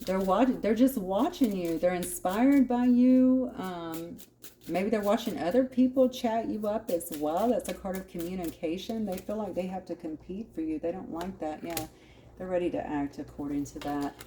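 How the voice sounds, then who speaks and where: Low-voiced woman giving a tarot reading. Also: moderate pace, warm tone, slight background noise. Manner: conversational, musing aloud, frequent asides. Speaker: tarot reader.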